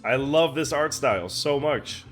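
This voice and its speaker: A man hosting a reaction video, chatting casually, excitable, laughing often and swearing freely. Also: mid-range voice, measured pace, faint music behind.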